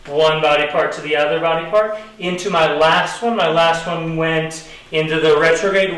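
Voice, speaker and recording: A man's voice: a little high, fairly even intonation, fairly quick, bright, forceful tone, slight background noise. A man teaching an online dance lesson, counting out beats while he moves and encouraging viewers as he goes. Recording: roomy echo, distant camera mic.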